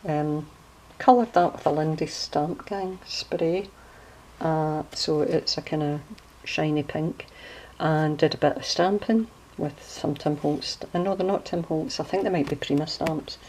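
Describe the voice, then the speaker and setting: A woman with a notably low voice talks through her handmade journal in a relaxed, chatty way. She pauses to hunt for words and corrects herself as she goes. A faint hum of noise sits under her voice. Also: poor audio. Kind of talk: casual craft walkthrough.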